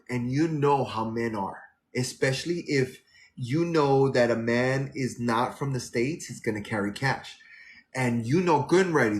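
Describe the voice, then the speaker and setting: A man hosting a casual livestream, chatting and telling stories in a sassy, animated way, calling his listeners girl and honey. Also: mid-range voice, a little hiss or hum. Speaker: livestream host. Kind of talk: casual livestream chat and storytelling.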